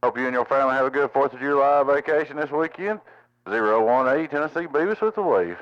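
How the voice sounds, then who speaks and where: A man's voice: medium pitch, lively intonation, fast talker, slight background noise. A man, a CB radio operator greeting callers with call signs and holiday wishes. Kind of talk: radio chat. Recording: lo-fi CB radio audio.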